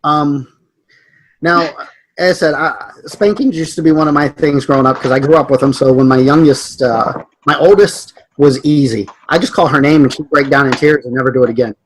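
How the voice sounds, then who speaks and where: A man's voice: fairly high pitch, brisk, poor audio. A middle-aged man, a podcast co-host, telling family stories in casual chat and chuckling often.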